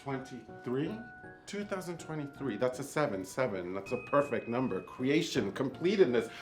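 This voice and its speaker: A man's voice: medium pitch, sing-song, moderate pace, soft background music, lightly acted. A man voicing a flamboyant, theatrical male djinn spirit with a grandiose, teasing delivery. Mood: showy. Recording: roomy echo.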